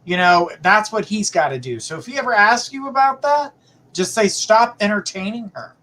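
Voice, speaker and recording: A man's voice: high voice, animated, moderate pace, sharp tone. A man hosting a live psychic reading, giving blunt, emphatic advice with repeated phrases. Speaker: psychic reader, show host.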